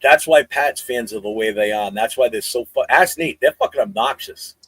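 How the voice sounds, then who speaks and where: A man's voice: mid-range voice, fairly quick, slightly rough, no echo, poor audio. A man telling profane fan stories in a casual podcast chat. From New England. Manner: profane storytelling, animated. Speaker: podcast co-host.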